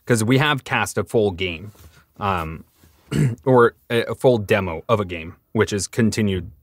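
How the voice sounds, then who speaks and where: A man's voice: lowish voice, lively intonation, unhurried, no echo. A man, a voice actor, telling stories about his work in a casual podcast interview and acting out the people in them. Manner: storytelling, acts out conversations. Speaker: voice actor guest.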